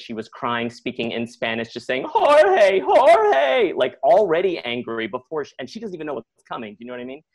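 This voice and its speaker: A middle-aged man telling a personal story on live radio, conversational and animated, with many likes and acted-out quotes. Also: medium pitch. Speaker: storyteller guest.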